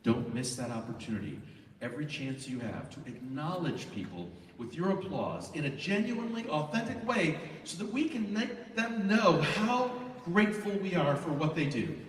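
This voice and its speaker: A man presenting to a large live student audience in an auditorium, energetic and animated as he directs the crowd. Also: a little high, normal speed, slight background noise. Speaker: event presenter. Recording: echoey hall, voice from far off.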